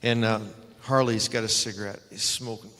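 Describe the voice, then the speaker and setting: An older man, a retired wrestler, telling animated stories as a guest at a live fan Q&A and acting out the quotes. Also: on the low side, moderate pace, long reverb tail. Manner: animated anecdotes with acted-out quotes.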